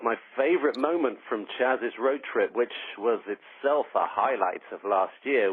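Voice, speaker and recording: British man, caller, dry wry delivery, low voice, tinny dead phone line. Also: breathy edge, no echo. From Britain. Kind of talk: voicemail read out on a podcast.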